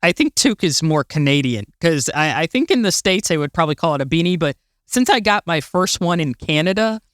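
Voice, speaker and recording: A woman's voice: on the low side, lively intonation, brisk, dry recording, studio quality. A young woman from Florida co-hosting a podcast, bubbly, laughing and agreeing often in casual chat. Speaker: podcast co-host.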